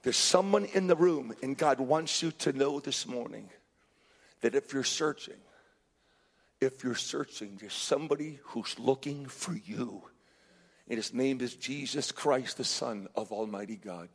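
A man preaching a sermon as pastor, fervent, swinging between hushed passages and shouted ones. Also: medium pitch, unhurried. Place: restaurant hosting a Sunday service. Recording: long reverb in a large room.

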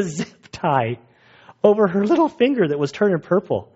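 A man's voice: high voice, sing-song, moderate pace, darkish tone, slightly rough. A man preaching a sermon, telling personal stories in a casual, rambling way that often breaks off mid-sentence. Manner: casual, rambling, self-interrupting. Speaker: pastor. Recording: dull muffled sound.

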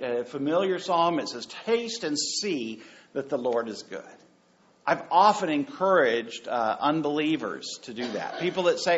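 A male pastor delivering a sermon in a lively, swooping voice that sits a little high. He jokes and repeats phrases for emphasis, heard on a dull, lo-fi recording. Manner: animated, joking preacher with repeated phrases. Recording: dull lo-fi sound.

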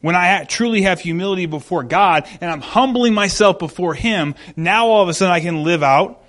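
Earnest man preaching, slightly high voice. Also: brisk, fairly bright tone. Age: adult, married. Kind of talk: sermon.

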